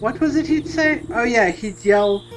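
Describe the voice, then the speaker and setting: A woman voicing a huge, weepy male bandit who drawls and sniffles in rough rural grammar. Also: a little high, a little slow, noisy background, lightly acted. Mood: chatty.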